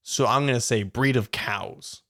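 A man's voice: medium pitch, a little slow, heavy background noise. A man co-hosting a casual podcast, playfully thinking aloud and laughing as he guesses. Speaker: podcast co-host. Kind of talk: casual quiz chat.

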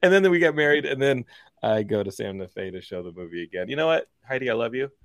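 A man in his forties, a podcast host, telling a story in casual chat and acting out the dialogue in lively quoted voices. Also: mid-range voice, fast, no room sound, clean studio sound. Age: 40s.

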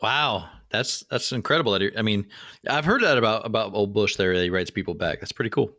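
A man's voice: fairly low pitch, fairly quick, pushed and bright, dry recording, clean studio sound. A man hosting a casual interview, giving short reactions and asking questions. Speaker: interviewer, podcast host.

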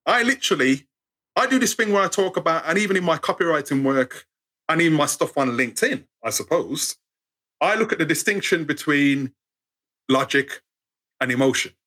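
A young British man telling humorous personal stories as a guest, acting out each character. His voice sits high and swoops widely up and down. It has a bright, forceful tone with a slightly husky edge. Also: moderate pace. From United Kingdom. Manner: animated, acts out the people in his stories. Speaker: storyteller guest.

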